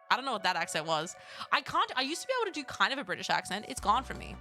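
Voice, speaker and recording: A woman's voice: medium pitch, very animated, rapid-fire, sharp tone, soft background music. A young woman streamer chatting casually to her viewers, loose and rambling, swearing freely. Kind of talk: casual live-stream chat.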